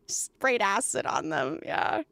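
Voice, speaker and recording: High, animated streamer woman. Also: no room sound. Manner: animated, sarcastic, laughing, stammering restarts. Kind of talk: livestream reaction commentary.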